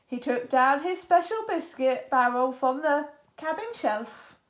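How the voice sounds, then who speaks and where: A woman reading a children's picture book aloud in an animated, expressive way. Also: high voice, unhurried. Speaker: storyteller. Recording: echoey room.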